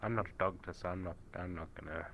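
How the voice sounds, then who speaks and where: A man's voice: low voice, steady tone, fast talker, vocal fry, background noise. A man, chatting in character during a roleplay and joking with a stammer.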